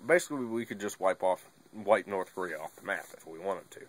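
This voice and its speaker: Speaking a little fast and with animation, a young man with a low-pitched voice delivers a casual monologue to his camera. The vlogger rambles in a laid-back way, using plenty of fillers and now and then a swear word.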